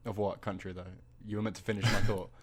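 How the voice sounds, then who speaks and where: A man's voice: on the low side, level tone, quick pace. A young man co-hosting a podcast, rambling and teasing his friend in casual chat. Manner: rambling, teasing, trails off mid-sentence. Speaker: podcast co-host.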